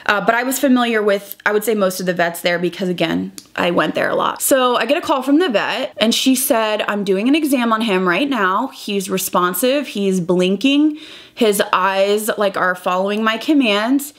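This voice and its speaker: A woman's voice: mid-range voice, normal speed. A young woman vlogger recounting a painful personal story while doing her makeup, talking in a rambling, emotional way full of "like" and quoted dialogue. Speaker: beauty vlogger.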